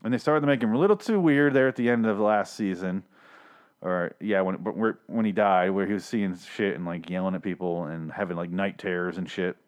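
A man's voice: deep voice, fairly quick. A man hosting a podcast, recapping a TV episode in a casual, rambling way, swearing often and laughing at himself. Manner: animated, swears a lot, laughs at himself, mimics characters. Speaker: podcast host recapping a TV show.

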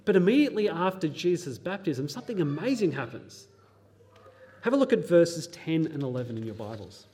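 A young pastor with a slightly high, mellow voice preaches in an earnest teaching tone, very animated and a little fast. He reads scripture aloud, explains it plainly, and occasionally drops in a nerdy pop-culture reference.

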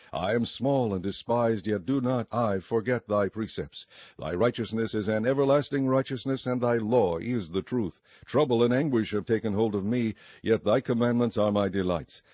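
A man with a fairly low voice reads scripture in a measured, solemn way. The recording sounds dull and lo-fi, and the voice is very dry, with no room around it. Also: darkish tone, dry recording. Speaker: scripture reader.

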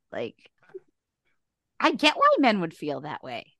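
A woman hosting a podcast in casual conversation, animated and emphatic. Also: fairly low pitch, measured pace, pauses often, no room sound, studio quality. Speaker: podcast host.

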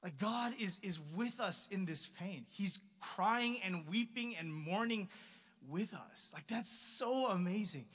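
A young man delivers a sermon in a high, bright voice, talking casually with lots of "like" and restarts. His voice rings out with a long reverb. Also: unhurried. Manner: casual, conversational preaching with many fillers and restarts. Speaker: pastor. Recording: reverberant hall.

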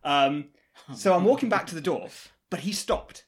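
A young-sounding man with a high, lively voice recounts a mishap on a casual podcast. He swears freely and laughs his way through the story, his pitch bouncing all over the place. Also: normal speed. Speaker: podcast co-host.

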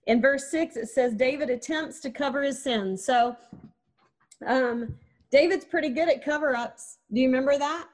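A woman delivering a sermon in an easy, conversational way. Her voice sits a little high, and she keeps wondering aloud and posing questions to her listeners. Now and then she acts out the people in her story. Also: moderate pace. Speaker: preacher.

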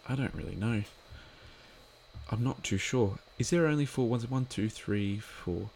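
A man's voice: mid-range voice, unhurried, vocal fry, darkish tone, a little hiss or hum. A man giving a casual watch-along commentary of an episode, chatty and rambling with lots of filler words.

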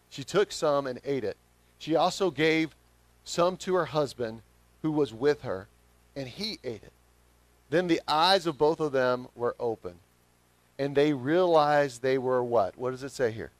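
A man with a Southern accent preaching a sermon as pastor, swinging from quiet reflection to emphatic, rising calls. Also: medium pitch, dry recording. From Southern United States.

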